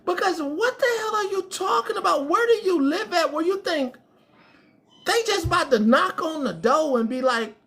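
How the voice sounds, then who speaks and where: On her livestream, a woman laughs often as she rants profanely and casually at her chat, talking straight back to the trolls. She speaks at a normal speed in an extremely high, animated voice that is a bit bright.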